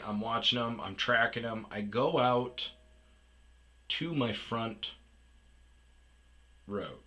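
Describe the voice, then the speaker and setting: A man casually telling a profane, animated story about chasing a delivery driver, with yelled reenactments. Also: mid-range voice, slow pace, pauses often. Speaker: storyteller host. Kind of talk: casual ranting anecdote.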